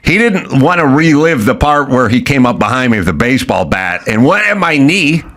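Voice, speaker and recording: A man's voice: medium pitch, big pitch swings, normal speed, fairly bright tone. A middle-aged man telling a rowdy story in casual chat, acting out quotes, swearing and laughing. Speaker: podcast host.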